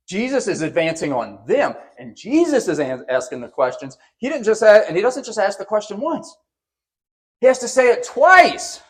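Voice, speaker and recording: A man preaches with a voice a little above the usual pitch. He delivers his sermon with animation, raising his voice to act out the quotes, and he often repeats and restarts his words. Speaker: pastor.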